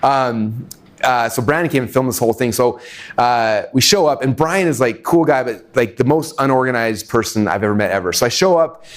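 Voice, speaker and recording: Fast-talking animated male storyteller. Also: mid-range voice. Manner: animated, acts out quoted voices, many fillers. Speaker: webinar speaker. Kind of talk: energetic storytelling talk.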